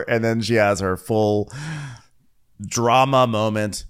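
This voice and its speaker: A woman's voice: rumbling low, measured pace, clean tone. A woman co-hosting a comedy podcast, laughing as she retells a reality show and switches voices for each person. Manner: laughing, acts out quotes with shifted voices. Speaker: podcast co-host.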